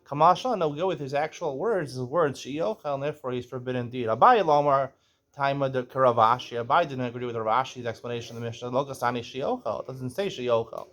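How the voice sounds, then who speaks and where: A man teaching a page of Talmud, mixing read Aramaic with plain English explanation. He checks in with "right?" again and again and clears his throat from time to time. He stops to correct himself when he gets part of the explanation wrong. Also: medium pitch, fast, a bit bright, dull audio. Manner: reads Aramaic then explains in English, asks "right?" often; clears throat now and then.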